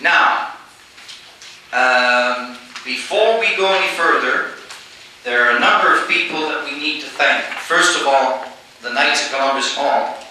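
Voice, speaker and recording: A man's voice: medium pitch, a little slow, bright, forceful tone. Folksy older man, echoey hall. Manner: folksy, joking, plain-spoken. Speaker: coalition spokesman at a public meeting. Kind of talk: public meeting address. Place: large community hall. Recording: echoey hall, distant mic, faint hiss.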